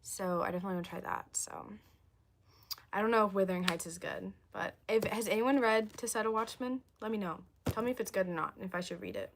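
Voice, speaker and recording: A young woman chatting on a livestream, rambling and answering viewer comments, her voice going hoarse. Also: medium pitch, fast talker, slight background noise. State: losing her voice, coughing. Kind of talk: casual livestream chat.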